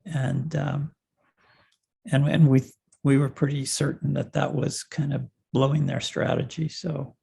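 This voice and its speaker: An older man, a former cycling coach, telling stories in an interview in a measured way with many pauses and fillers. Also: medium pitch, flat delivery, gravelly, dark tone, breathy edge. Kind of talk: reminiscing interview answers.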